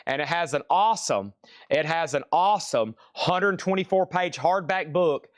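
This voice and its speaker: A man's voice: fairly high pitch, no room sound, clean studio sound. A man hosting a live-streamed record auction, joking around and repeating items and prices. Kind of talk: live-stream sales patter.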